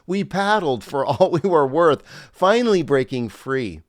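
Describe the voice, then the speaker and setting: A man's voice: fairly high pitch, expressive, a little slow, dry recording, clean studio sound. A middle-aged man, a former pastor, narrating his memoir in a wry, reflective storytelling manner.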